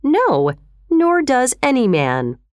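A woman's voice: sits high, wildly swooping pitch, slow pace, no room sound, clean studio sound, voice pushed up, exaggerated voice. A woman reading the part of a brooding, unsettling male customer who talks in a probing, intense way. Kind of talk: storybook reading.

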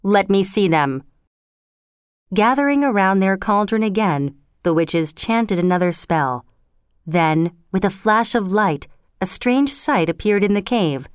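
Woman reading a story aloud, measured and clear, smooth voice, dry close sound. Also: mid-range voice, expressive, no room sound. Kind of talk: scripted storybook narration.

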